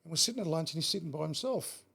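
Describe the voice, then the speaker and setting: A man's voice: on the high side, expressive, rapid-fire, creaky, a bit bright, breathy edge. A middle-aged Australian man telling road stories in a casual chat, blunt and swearing freely. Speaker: guest. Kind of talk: casual storytelling.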